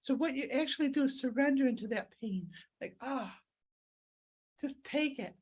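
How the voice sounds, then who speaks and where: High-voiced tearful woman healer. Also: animated, fairly quick, darkish tone, breathy edge. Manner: emotional, rambling, earnest. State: crying. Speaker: spiritual healer and host. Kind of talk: live-stream healing session. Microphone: video call.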